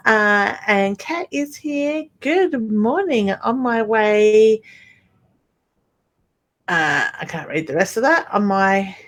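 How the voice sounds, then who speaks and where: A woman's voice: medium pitch, lively intonation, takes it slowly. Aussie lady on a live stream, bit under the weather, saying hey honey to everyone in chat. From Australia. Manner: warm greetings, calls viewers honey and gorgeous, reads comments aloud. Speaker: psychic medium livestream host. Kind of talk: casual live-stream chat reading comments.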